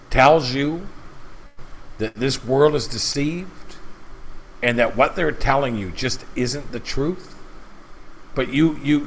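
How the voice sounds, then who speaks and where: A man's voice: medium pitch, fairly bright tone, a little hiss or hum, low-quality recording. Fervent man preaching with restarts. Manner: emphatic, repetitive, stumbles and restarts. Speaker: channel host. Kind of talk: impassioned preaching monologue.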